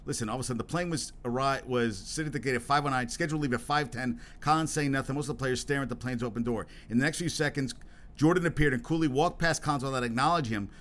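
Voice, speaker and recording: Racing along in a medium-pitched, slightly bright voice, a man hosts a solo podcast. His talk is rambling and profane, full of restarts, and he gets increasingly worked up and emphatic.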